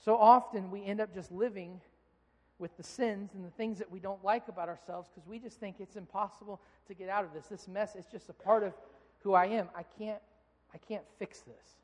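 A man in his thirties preaching a sermon to a congregation, earnest and direct, acting out stories with rising heat. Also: high-pitched. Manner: earnest, builds to animated acted-out anger in stories. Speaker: pastor. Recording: long reverb of a large hall.

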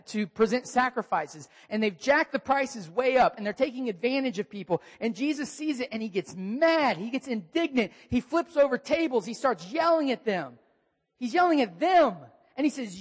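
Male pastor, sermon delivery, animated, swings between loud and soft; long hall reverb. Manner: animated, shifting pitch and volume for emphasis.

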